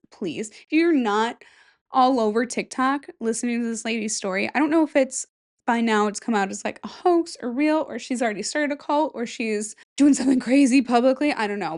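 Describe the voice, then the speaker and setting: A young woman hosting a solo podcast, chatting casually and rambling, with giggly asides. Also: on the high side. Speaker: podcast host.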